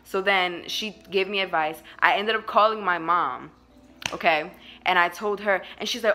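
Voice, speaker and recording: A young woman spins a casual storytime vlog with a bright, forceful voice. Her telling is animated and slangy, and laughs keep breaking through. Her pitch sits in the middle for a woman. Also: moderate pace, slight background noise. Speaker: vlogger.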